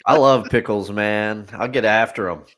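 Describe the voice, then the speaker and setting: A man's voice: fairly low pitch, normal speed, crowd noise. A man co-hosting a sports podcast in casual chat, joking and bantering playfully. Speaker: podcast co-host.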